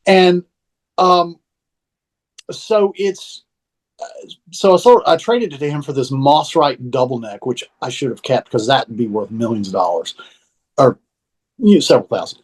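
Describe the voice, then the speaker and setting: A man's voice: medium pitch, unhurried, long pauses, slightly rough, low-quality recording. A man with a Southern US accent, chatting casually as a podcast co-host, rambling and self-deprecating with many restarts. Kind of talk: casual phone chat.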